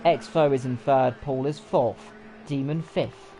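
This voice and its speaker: A man calls a sim race live, chatty and often unsure, stopping to correct himself. Game car engines roar loudly behind his voice. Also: mid-range voice, fairly even intonation, a little slow, a little hiss or hum. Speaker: race commentator. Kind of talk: live sim racing commentary. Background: racing game car engines.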